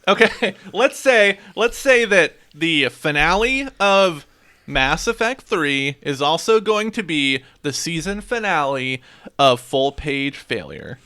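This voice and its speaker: A man's voice: a little high, big pitch swings, takes it slowly, sharp tone, smooth. A man co-hosting a casual podcast, announcing scores in an upbeat, laughing way. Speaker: podcast co-host running a quiz segment.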